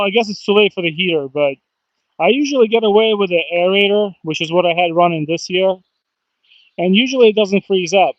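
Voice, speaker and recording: A man chatting casually on a fishing livestream outdoors, excitable and talkative, often bursting into whoops and laughs. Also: high-pitched, no room sound, highs cut off. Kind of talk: casual live-stream chat. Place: outdoors by the water.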